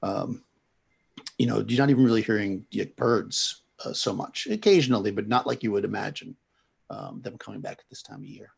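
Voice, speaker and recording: A man's voice: fairly low pitch, a little fast, vocal fry, husky. A man narrating a tabletop game as game master, rambling descriptions with many restarts. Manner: rambling, full of fillers and restarts.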